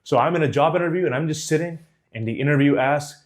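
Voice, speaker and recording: A communication coach with a fairly high voice talks fast, straight to camera, teaching viewers how to speak with conviction. He's animated, acting out examples by demonstrating tones and facial expressions.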